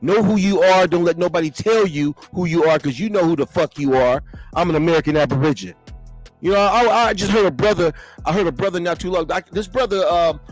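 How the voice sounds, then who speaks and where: A man in his fifties calls in to a livestream with a fairly high voice. He speaks emphatically and preaches with rising fervor. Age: 50s. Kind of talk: casual livestream talk.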